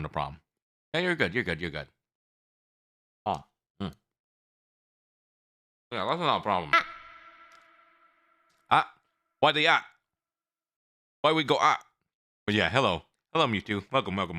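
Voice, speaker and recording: A man's voice: sits low, no echo, studio quality. A man streaming and chatting casually, rambling and talking with his mouth full. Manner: rambling, animated, eating while talking.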